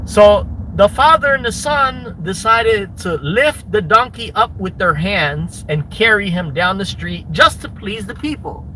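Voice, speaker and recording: Man, high bright voice, rambling repetitive storyteller, outdoor recording with faint street noise. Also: animated, measured pace, hardly any pauses, rough recording. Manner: rambling, repetitive, stammering restarts.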